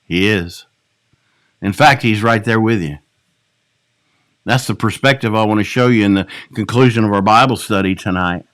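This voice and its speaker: A man leading an evening Bible study as a pastor, preaching with passion, dropping to a hush and then climbing to emphatic peaks. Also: lowish voice, moderate pace, long pauses, dry recording. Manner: impassioned, swings between hushed and rising emphatic preaching. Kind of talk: sermon.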